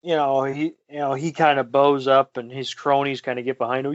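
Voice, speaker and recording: A man's voice: medium pitch, little pitch movement, a little fast, no room sound, dull audio. A man co-hosting a podcast in casual chat, recapping with profane jokes and quoted lines. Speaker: podcast co-host.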